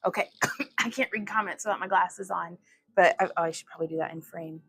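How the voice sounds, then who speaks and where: A woman with a low, husky, fairly bright voice speaks briskly as the host of a casual livestream. She's chatty and giggly, often laughing at herself.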